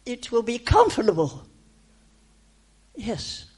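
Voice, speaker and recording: A woman giving a prophetic message in the first person as God, in slow, deliberate, reassuring short phrases that she often repeats. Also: on the high side, huge pitch swings, a little mellow, slightly rough. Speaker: speaker delivering a prophetic message.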